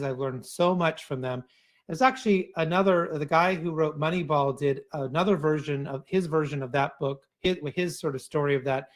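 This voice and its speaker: A man giving a keynote talk in a conversational way, often restarting phrases and adding asides. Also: fairly high pitch. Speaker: keynote speaker.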